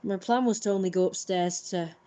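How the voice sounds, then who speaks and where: Exhausted and burnt out, a British woman chats wearily from home on a live stream, subdued and casually swearing. Her lowish, warm voice moves fairly quickly, though the audio quality is poor.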